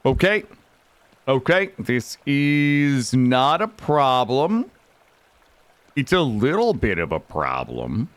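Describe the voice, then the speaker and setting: A young man streaming a game live, talking to his chat in a loud, excitable way with sudden yelps. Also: medium pitch, takes it slowly, no room sound. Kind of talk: live gaming stream commentary.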